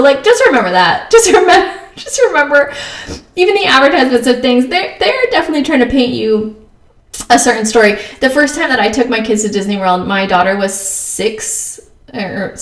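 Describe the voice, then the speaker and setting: A woman's voice: medium pitch, echoey room, distant mic. A woman host telling stories in a casual chat, filling her talk with little fillers and laughing as she goes. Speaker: podcast host.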